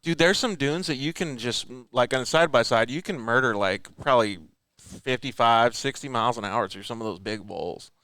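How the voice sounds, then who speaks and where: A man's voice: mid-range voice, moderate pace, sharp tone, no echo. Laid-back man hosting a casual chat. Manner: laid-back, slangy, laughs often. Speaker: show host. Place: off-road parts store.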